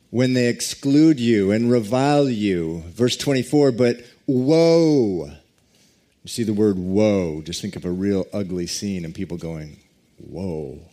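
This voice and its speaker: Male pastor, sermon delivery, low mellow voice, unhurried. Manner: slow, deliberate preaching with drawn-out emphasis and quiet prayer.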